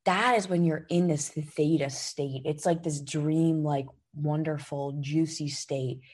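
A woman's voice: low voice, takes it slowly, few pauses, a little mellow, slightly rough. A woman hosting a podcast, giving an emphatic motivational talk and coaching listeners directly into her mic, swearing freely. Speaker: podcast host. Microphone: podcast microphone.

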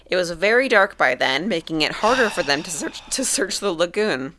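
A woman's voice: lowish voice, very animated, normal speed, bright, forceful tone, a little hiss or hum. A woman hosting a podcast, telling a story casually with dry jokes. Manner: narrates with dry jokes and laughs.

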